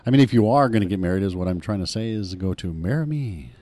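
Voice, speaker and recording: A man's voice: lowish voice, fast. A man co-hosting a casual podcast from a shop on location, trading sarcastic jabs and jokes. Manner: sarcastic, deadpan insults, playful. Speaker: podcast co-host.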